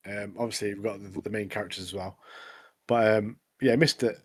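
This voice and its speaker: A man's voice: on the low side, steady tone, brisk, slightly rough. Slangy man saying "mate" a lot. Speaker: podcast co-host. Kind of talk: casual chat.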